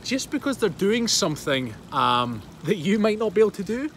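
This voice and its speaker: A man's voice: sits high, very animated, normal speed, a bit bright, a little hiss or hum. A Scottish man in his thirties chatting casually on a livestream from a pool on holiday, greeting viewers by name and laughing often. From Scotland. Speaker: fitness coach and livestream host. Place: by a hotel pool outdoors.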